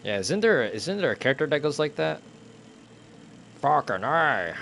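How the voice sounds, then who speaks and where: Playing a game and casually talking to himself, this young male streamer is often confused and swears under his breath. His slightly high voice is very animated and creaky, he talks fast, and there's a faint hiss or hum.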